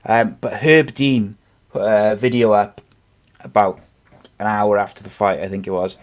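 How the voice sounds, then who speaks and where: A man's voice: on the low side, steady tone, a little slow. A man hosting a casual sports podcast, talking in a rambling way with many fillers and restarts. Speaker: podcast host.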